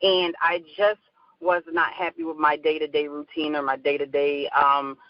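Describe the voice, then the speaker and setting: A woman's voice: low-pitched, level tone, moderate pace, dry recording, dull audio. A middle-aged woman with a Philadelphia accent, a guest talking in a chatty, bubbly way, laughing often and repeating herself. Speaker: guest, life coach. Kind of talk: casual interview talk.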